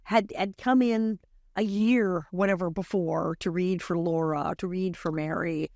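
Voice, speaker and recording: An older woman, a guest on a podcast, telling lively stories about her past and acting out voices as she quotes people, often laughing. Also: lowish voice, unhurried, no echo, studio quality. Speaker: guest, former child actress. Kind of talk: casual podcast storytelling.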